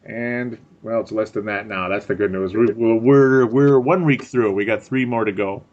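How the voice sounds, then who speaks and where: A man's voice: on the low side, fairly even intonation, moderate pace, a little mellow. A man co-hosting a podcast in casual sports chat, chatty and laughing often, repeating words for effect. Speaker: podcast co-host. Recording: dull lo-fi audio.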